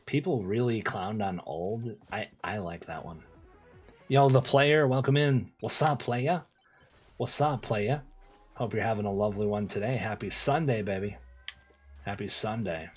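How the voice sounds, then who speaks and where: A young man streaming a game, chatting casually with viewers in relaxed slang, repeating phrases and laughing often. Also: on the low side, measured pace, slightly rough. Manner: laid-back slang, lots of laughing and repeating himself. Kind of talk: casual gameplay streaming, reading chat.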